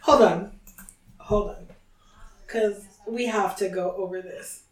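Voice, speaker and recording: A woman co-hosting a podcast, chatting casually and reading book passages aloud, animated and laughing often. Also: mid-range voice, takes it slowly. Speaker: podcast co-host. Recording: roomy echo.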